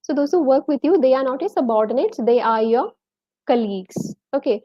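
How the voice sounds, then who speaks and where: A woman's voice: high-pitched, lively intonation, a little fast, dry recording, muffled recording. A woman with a Malayali accent teaching a live online English lesson, quizzing viewers and reading out their names and answers.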